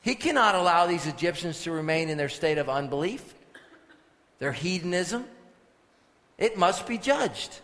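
A man preaches to his congregation with a forceful, commanding delivery. He drops to low, firm instruction, then rises into loud scripture reading. His fairly high voice rings out with the long reverb of a large church hall. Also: lively intonation, normal speed, pauses often. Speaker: pastor. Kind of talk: sermon.

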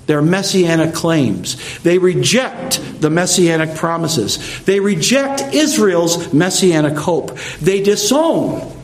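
Male preacher, expository sermon, conversational teaching tone, slightly high pitch. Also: a little hiss or hum. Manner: conversational, explanatory, with asides.

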